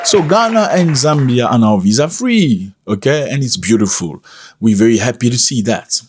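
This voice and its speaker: A man hosting a casual commentary video, talking in an animated, emphatic way and jumping up in pitch to stress his points; English is not his first language. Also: moderate pace, some chatter behind, slight background noise. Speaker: commentary channel host.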